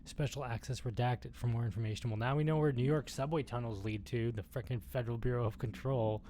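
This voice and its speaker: A man with a mid-range, mellow voice talks fast in a steady tone while streaming a video game. He reads in-game documents aloud, swears at the action, and sometimes drops to a whisper in this casual commentary. The stream is noisy, with game ambience behind him.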